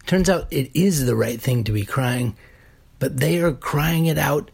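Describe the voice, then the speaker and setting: A man preaching a sermon deliberately, building emphasis through repeated phrases. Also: a little high, vocal fry, husky. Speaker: pastor.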